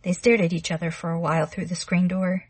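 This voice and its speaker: A woman reads literary fiction aloud in a measured, quiet way. Her voice sits low and has a soft, breathy edge. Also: flat delivery, no echo. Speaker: narrator. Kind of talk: literary audiobook narration.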